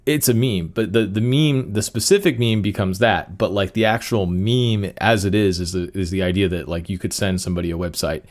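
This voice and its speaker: Rambling young man, low voice. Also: a little fast, few pauses. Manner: rambling, full of fillers and restarts. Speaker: podcast host. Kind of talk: rambling solo chat.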